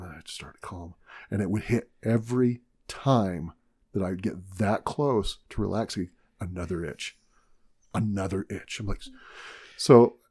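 A man's voice: sits low, a little mellow, slightly rough. A man with a Southern US accent telling a long story in casual podcast chat, rambling and self-mocking. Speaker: podcast co-host.

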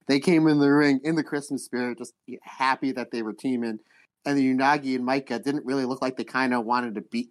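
A man hosting a podcast, chatting casually and animatedly, acting out bits of dialogue. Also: mid-range voice. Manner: fast, animated, acts out quoted dialogue. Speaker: podcast host.

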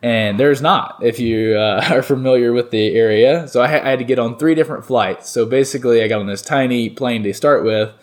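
A young man from North Carolina, a baseball player, telling stories in a relaxed interview, rambling with lots of fillers and restarts. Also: medium pitch, brisk, few pauses. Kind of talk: casual interview storytelling.

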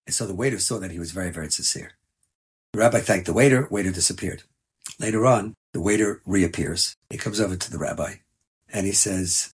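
Passionate husky man telling a story. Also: fairly low pitch, fast talker. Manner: emphatic, passionate storytelling with Yiddish and Hebrew terms. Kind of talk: inspirational story talk.

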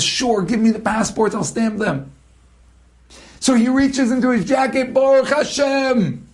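A man retelling an inspirational story, dramatic and building to emotional peaks. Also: very high voice.

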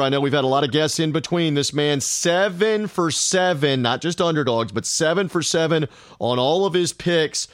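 A man's voice: a little high, dry recording, clean studio sound. A man hosting a sports betting podcast over a video call, plugging shows and guests in an upbeat, promo-heavy way. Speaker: podcast host.

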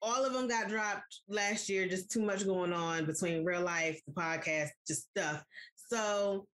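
A woman's voice: medium pitch, measured pace, a bit bright. Woman, podcast co-host, chatty, casual, talks to listeners. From United States. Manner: chatty, addresses listeners directly. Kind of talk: casual chat.

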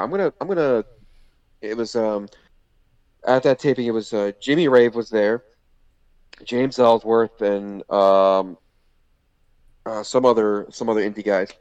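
A man's voice: lowish voice, a little mellow, no room sound. A man telling a long casual story as a podcast guest, rambling with lots of fillers and restarts. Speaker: podcast guest, former indie wrestler. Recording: slightly muffled lo-fi audio.

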